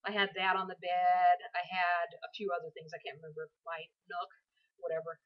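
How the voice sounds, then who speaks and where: A woman's voice: fairly low pitch, little pitch movement, moderate pace, muffled recording. A tired woman in her forties telling a story to her camera from her bed at home, rambling and chatty with many asides. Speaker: vlogger. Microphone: built-in camera microphone.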